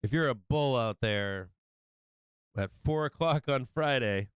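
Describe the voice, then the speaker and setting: A man runs a live stock-market stream, excitable and foul-mouthed, saying the same point over and over. His voice is very clean and crisp. The recording is dry and close, with no room sound. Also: medium pitch, measured pace, dry recording, poor audio. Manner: excitable, profane, repeats himself. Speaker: livestream market commentator. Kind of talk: casual live trading commentary.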